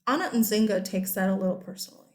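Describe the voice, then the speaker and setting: A woman's voice: medium pitch, animated, fast, a little mellow. A woman teacher giving a casual, chatty history lecture over slides. She often checks in with her listeners.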